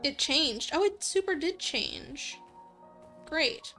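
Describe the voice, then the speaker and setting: A young woman with a high voice chats through a game, giggly and thinking out loud as she goes. Light background music runs faintly under her talk. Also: animated, takes it slowly. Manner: chatty, giggly, thinking aloud. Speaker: streamer. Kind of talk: casual let's play commentary.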